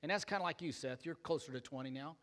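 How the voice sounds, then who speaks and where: A man's voice: on the high side, fast, a bit bright, long reverb tail. An older man preaching a sermon as pastor, telling stories with self-deprecating jokes and asides to the congregation. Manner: joking, self-deprecating storyteller. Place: church.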